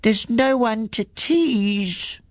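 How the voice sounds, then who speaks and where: Cheeky little goats who love making trouble, played by a man in a high, bouncy voice. The lines come slowly and playfully, as in a storybook reading. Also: no echo, studio quality, full character voice. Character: small mischievous young goats, cheeky.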